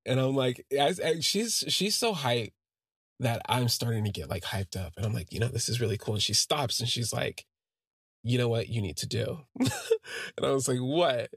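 Speaking at a moderate pace, this man has a medium-pitched, slightly bright and rough voice with lively intonation. He hosts a podcast and recounts a personal story in a chatty way, quoting friends' remarks, recorded in studio quality with no echo.

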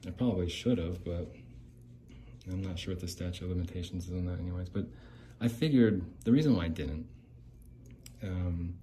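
Low, dark-voiced sarcastic man rambling. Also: moderate pace, pauses often, a little hiss or hum. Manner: rambling, sarcastic and bitter, with frequent restarts. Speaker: podcast host. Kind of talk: casual monologue podcast.

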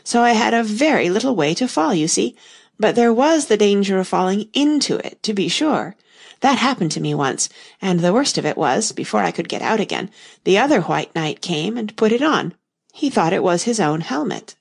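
In an audiobook reading, a woman voices a gentle, bumbling old male knight who rambles earnestly and solemnly about his inventions. Her mid-range voice is gravelly and slightly rough, with lively intonation at normal speed.

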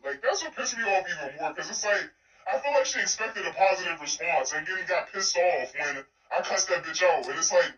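High, bright young man ranting from afar. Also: a little fast. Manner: profane, exasperated, animated retelling. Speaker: listener telling a story. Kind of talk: casual storytelling rant. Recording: distant, echoey, muffled voice message.

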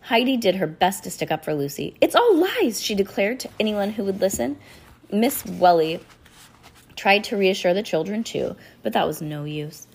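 Reading a chapter book to her child at home, a young woman speaks in a creaky, mid-range voice at a moderate pace. She gives the characters their own voices and pauses now and then to chat and laugh.

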